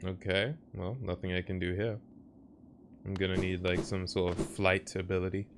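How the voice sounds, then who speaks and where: A man's voice: low-pitched, little pitch movement, normal speed. A young man streaming a video game, chatting casually and reacting to his chat over noisy audio. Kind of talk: casual live-stream commentary.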